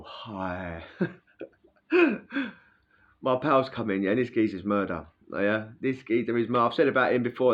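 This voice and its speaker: A man who served time tells a relaxed, slangy story, often pausing to ask "yeah?". His mid-range voice comes through on dull audio.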